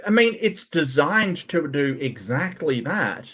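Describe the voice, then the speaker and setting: A man's voice: fairly high pitch, very animated, measured pace, fairly bright tone, slightly rough. A man doing sarcastic, incredulous commentary as host of his channel. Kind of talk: mocking commentary on clips.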